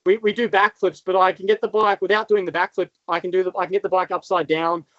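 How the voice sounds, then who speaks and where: A man's voice: sits high, little pitch movement, fast, fairly bright tone, dry recording. An Australian man in his thirties, a motocross rider guest, telling his story in rambling casual talk with many fillers. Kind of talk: casual interview chat. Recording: dull, lo-fi sound.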